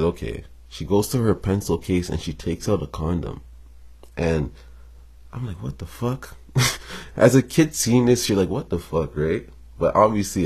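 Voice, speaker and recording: A man's voice: low voice, a little mellow, husky. A young man telling a personal story in a casual, slangy monologue, swearing freely and chuckling between lines.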